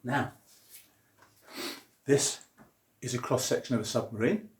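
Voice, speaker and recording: A man's voice: medium pitch, fairly even intonation, measured pace. A man gives a lighthearted science lesson, cracking puns as he explains things step by step. His voice sits in a middle range and carries a noticeable room echo. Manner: jokey, punning, explaining while drawing. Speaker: science teacher. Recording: roomy echo.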